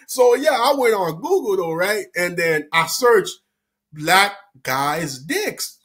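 A man's voice: sits high, a little slow. A man telling a story to camera in a casual, rambling way, repeating himself, using lots of slang and laughing often. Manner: slangy and animated.

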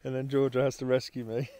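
A man's voice: medium pitch, flat delivery, normal speed, warm tone. A young man from England with an English accent, talking casually and laughing often as he speaks straight to his viewers. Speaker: travel vlogger. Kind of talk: casual vlog chat.

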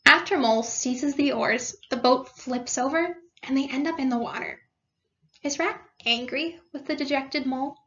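A woman's voice: high voice, normal speed, sharp tone. A woman teacher reading a storybook aloud to her class and explaining it with questions. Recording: dull lo-fi recording.

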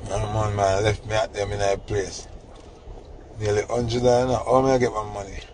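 A man with a Jamaican accent telling a funny story in casual chat, animated and laughing. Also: fairly low pitch, moderate pace, slight background noise. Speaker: host.

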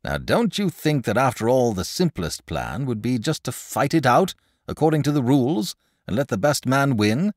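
A man's voice: medium pitch, big pitch swings, normal speed, no room sound, studio quality, pitched above the performer's own voice. A man playing a frank, pleasant knight. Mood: persuasive. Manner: frank, persuasive, patient. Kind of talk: audiobook character voice.

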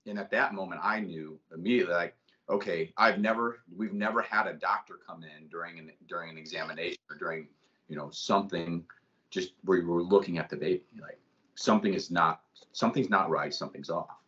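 A man in his thirties, a Marine father and podcast guest, telling a personal story in a halting, emotional way with many restarts. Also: low voice, pushed and bright, lo-fi sound.

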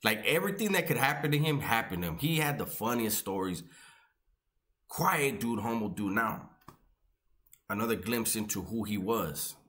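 A man's voice: lowish voice, animated, moderate pace, fairly bright tone. A man, telling casual, joking, profane stories. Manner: profane, laid-back, joking. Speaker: storyteller recalling his prison years. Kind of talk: casual storytelling.

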